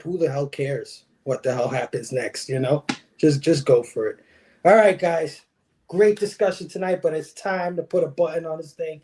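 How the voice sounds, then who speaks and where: A man's voice: on the high side, dark tone. A man hosting a casual movie review podcast, talking in an easygoing, rambling way. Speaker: podcast host.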